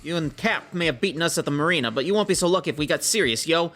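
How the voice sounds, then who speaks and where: A man's voice: on the high side, expressive, racing, a bit bright, faint music behind, pitched above the performer's own voice. A man doing a brash young street punk. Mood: taunting. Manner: swaggering slangy taunts.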